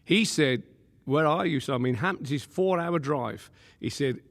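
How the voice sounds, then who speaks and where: Gravelly pastor telling a story. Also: male voice, a little high, normal speed. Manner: lively, laughing often, acts out quotes. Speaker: pastor and guest. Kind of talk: animated storytelling. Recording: long room reverb.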